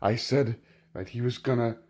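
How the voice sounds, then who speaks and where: A man's voice: medium pitch, steady tone, normal speed, a little mellow. Man, mid-range voice, casual film review, rambling, filler-heavy. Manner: rambling, with frequent "like" and restarts.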